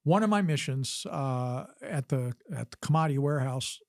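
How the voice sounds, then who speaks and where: A man's voice: medium pitch, lively intonation, moderate pace, dry recording, studio quality. An older man, a podcast guest and former combat physician, telling a story in an interview with earnest delivery and frequent restarts. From United States.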